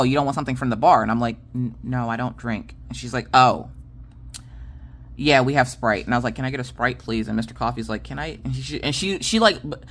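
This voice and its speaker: Woman in her late thirties, chatty storytime vlog, animated, close mic. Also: extremely low pitch. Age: 30s. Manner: animated storytelling, frequent "okay?" asides. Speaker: crafting channel host. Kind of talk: casual storytime chat.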